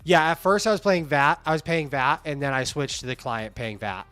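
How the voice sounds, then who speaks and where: A man's voice: a little high, moderate pace, soft background music. A man hosting a livestream, chatting casually and candidly, reading viewer comments aloud. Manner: candid, animated, reads chat comments aloud. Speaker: livestream host.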